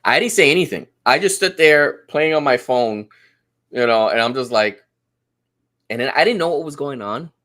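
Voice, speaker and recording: A man's voice: medium pitch, normal speed. A man telling a family story in casual podcast chat, acting out the quotes. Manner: animated storyteller, acts out quotes. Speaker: guest.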